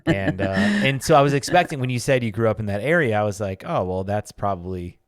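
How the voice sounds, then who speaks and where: A man's voice: mid-range voice, lively intonation, quick pace, no room sound, studio quality. A man hosting a casual podcast, talking loosely and jokingly and often restarting his sentences. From Michigan, USA. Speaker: podcast host.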